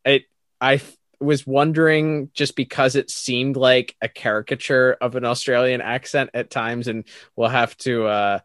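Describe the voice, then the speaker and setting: A man's voice: mid-range voice, fairly even intonation, unhurried, a bit bright, dry recording, clean studio sound. A man co-hosting a podcast, giving casual review talk that rambles and often restarts. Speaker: podcast co-host.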